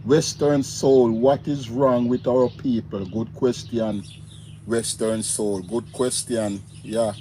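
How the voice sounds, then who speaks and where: A man's voice: medium pitch, fairly even intonation, takes it slowly, warm tone, slight background noise. A man with a Jamaican accent hosting a casual livestream, greeting viewers by name and laughing easily. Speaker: livestream host. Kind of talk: casual live chat reading viewer comments.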